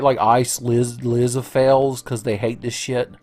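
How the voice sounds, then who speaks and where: Young male let's-player, mid-pitched, crude running jokes, soft game music underneath. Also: flat delivery, a little slow. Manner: joking, profane, rambling, with silly voices. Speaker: let's play commentator. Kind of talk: casual gameplay commentary.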